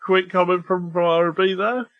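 A man's voice: sits high, fairly even intonation, normal speed, no room sound, narrow, tinny audio. A man from the UK co-hosting a casual podcast call, reading listener emails with hesitant ums and apologetic self-corrections. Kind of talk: casual chat.

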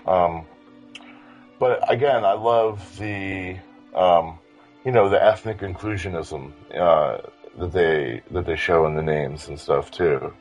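A man with a low voice talks eagerly in a casual fan discussion. He circles around his points with restarts and filler words, clearly enjoying the subject. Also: slow, darkish tone, faint music behind. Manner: enthusiastic, rambling with many restarts.

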